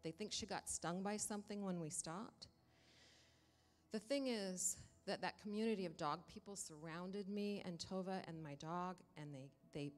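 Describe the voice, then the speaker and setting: A woman telling a congregation a personal story in a lively way, acting out the dialogue as she goes. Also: lowish voice, big-room sound. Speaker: church member giving a testimony. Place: church sanctuary.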